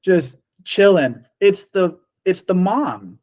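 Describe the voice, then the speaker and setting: Animated, slightly high-voiced man telling a story. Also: takes it slowly. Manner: animated storyteller, acts out quotes. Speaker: storyteller guest. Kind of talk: casual podcast chat.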